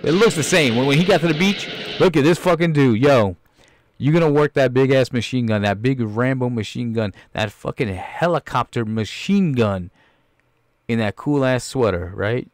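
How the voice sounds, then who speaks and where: A man hosting a podcast, reacting to a film trailer with crude, animated commentary and frequent laughter. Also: mid-range voice, moderate pace, no echo, clean studio sound. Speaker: podcast host.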